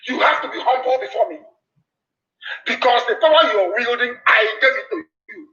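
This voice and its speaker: A man with a Nigerian accent delivers an impassioned political address, hammering his points with repeated warnings. His voice sits unusually high and cuts through with a bright, tense edge. The recording is dull and lo-fi, like a replayed broadcast. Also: moderate pace. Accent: Nigerian English. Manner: impassioned, denouncing, repetitive warnings. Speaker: activist broadcaster.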